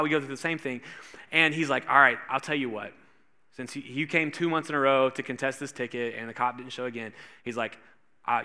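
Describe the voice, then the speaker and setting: A man preaching a sermon, telling a funny personal story and acting out the voices in it with lively energy. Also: fairly high pitch, smooth. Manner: animated storyteller acting out quotes. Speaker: pastor.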